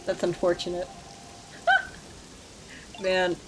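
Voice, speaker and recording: Woman streamer, sleep-deprived, slow unhurried chatter, playful laughs, game music behind. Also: lowish voice, completely flat delivery, poor audio. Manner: playful, rambling, quick to laugh and exclaim. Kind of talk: casual gameplay commentary.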